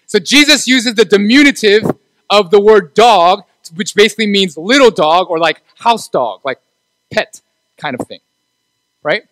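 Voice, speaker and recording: Male youth pastor, conversational sermon delivery, higher register, dry close sound. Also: fairly bright tone, no room sound, low-quality recording. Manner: conversational, asks the room for agreement. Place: church.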